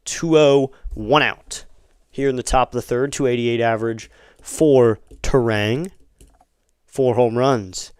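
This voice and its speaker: A man calls a baseball game live in a clean, smooth voice, recorded dry and close with no room sound. He chats easily between pitches and lifts his energy when the action picks up. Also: slow pace, no echo. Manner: conversational, rising to excited calls on big plays. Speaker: fan play-by-play streamer. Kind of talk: live play-by-play commentary.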